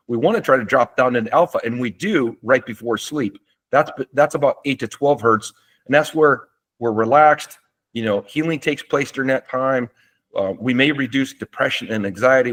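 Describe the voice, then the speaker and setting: Man teaching calmly in a webinar. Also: mid-range voice. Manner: relaxed explanatory, with fillers and restarts. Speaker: doctor presenting a webinar. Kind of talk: webinar lecture. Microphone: seated at a desk.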